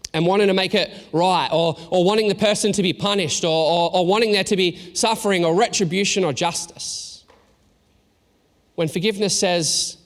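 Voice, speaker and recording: A man in his thirties, a pastor, giving a sermon in a casual storytelling way with halting restarts and self-deprecating asides. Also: high-pitched. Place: church hall. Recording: long reverb in a large room.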